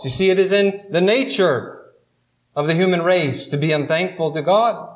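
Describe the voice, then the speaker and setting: A man preaching a sermon, telling a parable and building up his emphasis as he goes. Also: moderate pace. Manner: storytelling, rising in pitch and emphasis as he builds. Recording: roomy echo.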